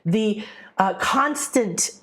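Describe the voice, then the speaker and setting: A woman's voice: mid-range voice, very slow. Chatty woman giving a spiritual talk. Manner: chatty, animated, acts out quoted voices. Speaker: spiritual teacher. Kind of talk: live-streamed spiritual talk.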